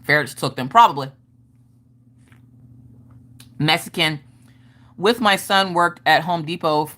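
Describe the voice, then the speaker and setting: A woman hosting a casual livestream, telling animated stories from home, swearing casually and laughing often. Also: deep voice, slow. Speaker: livestream host. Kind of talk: casual chat storytelling.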